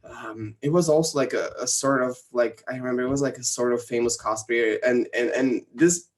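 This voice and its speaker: A young man from Italy speaks English with an Italian accent, chatting as a podcast guest. He tells his stories with animated energy, slips into little acted-out voices, and fills the gaps with plenty of "like" and "uh". His voice sits at a middling pitch. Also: fairly quick. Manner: animated storyteller, acts out quoted voices, frequent fillers. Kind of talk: casual chat.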